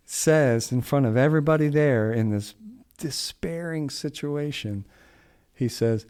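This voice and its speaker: A man's voice: medium pitch, takes it slowly, darkish tone, clean tone. A middle-aged man co-hosting a podcast, telling a story in a casual, rambling way with restarts and folksy asides. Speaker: podcast co-host.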